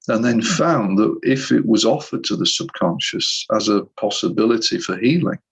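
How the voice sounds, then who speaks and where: A middle-aged man with a gravelly, husky voice tells a story animatedly and restarts his sentences often. His voice comes over a video call as dull, lo-fi audio. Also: fairly low pitch. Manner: animated storyteller who re-enacts scenes, with frequent restarts. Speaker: hypnotherapist guest. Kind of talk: storytelling in a conversational interview.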